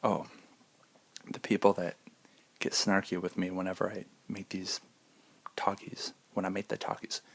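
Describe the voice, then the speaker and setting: A man's voice: low-pitched, completely flat delivery, normal speed, creaky, pauses often. A man vlogging in a casual, rambling monologue, joking and drifting off on tangents. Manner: rambling, goes off on tangents, jokey.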